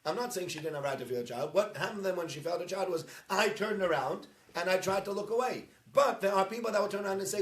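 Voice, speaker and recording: Rabbi, chatty and animated. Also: male voice, high voice, quick pace, few pauses. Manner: chatty storyteller, rising into animated emphasis. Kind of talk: informal talk to a congregation, streamed live. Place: synagogue hall. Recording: roomy echo.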